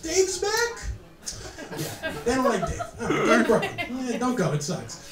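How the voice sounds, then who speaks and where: A man's voice: very high voice, expressive, fairly quick. A man doing a stand-up comedy set, sarcastic and self-mocking as he banters with a live audience. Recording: roomy echo, distant mic, crowd noise.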